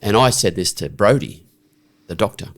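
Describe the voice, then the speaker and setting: A middle-aged man from Australia, on a podcast as a guest, tells a story in an animated voice on the low side at normal speed. The telling is conversational, frank and blunt, with restarts and a "right?" habit.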